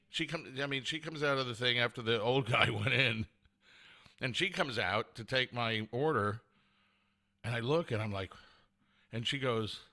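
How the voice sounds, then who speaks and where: Guy rambling thru a funny story at home, bright voice, keeps chuckling at himself. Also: mid-range voice. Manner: rambling, self-mocking, chuckles often. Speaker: podcast host. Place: at home with a cat. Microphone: camera set up at home.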